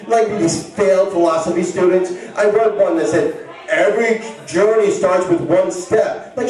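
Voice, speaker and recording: A male stand-up comedian rambling and stammering through a set, bursting into shouts. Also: fairly high pitch. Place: bar stage with live audience. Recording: echoey club recording from far off. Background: crowd laughing.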